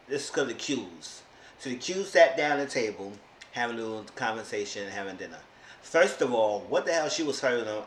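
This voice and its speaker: A man's voice: medium pitch, a bit bright. Sassy man ranting in an echoey room. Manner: sassy, exasperated, mimics people in quotes. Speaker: TV show reviewer. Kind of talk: casual recap commentary. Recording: echoey room with faint noise.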